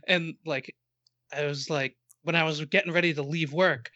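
A man's voice: fairly high pitch, steady tone, a little slow, sharp tone, no room sound, highs cut off. A man on a casual podcast, animatedly retelling a story and acting out what people said. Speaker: podcast co-host. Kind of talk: casual book-club chat.

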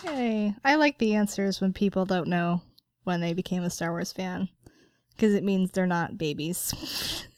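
A woman's voice: lowish voice, measured pace, clean tone, dry recording. A woman co-hosting a podcast, chatty and giggly with lots of fillers. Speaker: podcast co-host. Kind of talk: casual podcast chat.

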